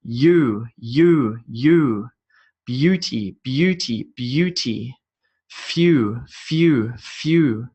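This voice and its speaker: Slow Australian man drilling English sounds. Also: mid-range voice, lively intonation, darkish tone, husky. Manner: slow, repeats each word three times. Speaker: English teacher. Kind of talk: pronunciation drill lesson.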